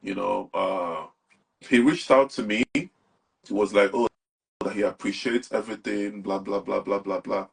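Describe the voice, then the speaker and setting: A man's voice: fairly low pitch, steady tone, moderate pace, creaky, breathy edge. A young man with a Nigerian accent, talking animatedly as an interview guest and mixing Pidgin with English. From Nigeria, Anambra. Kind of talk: casual interview talk.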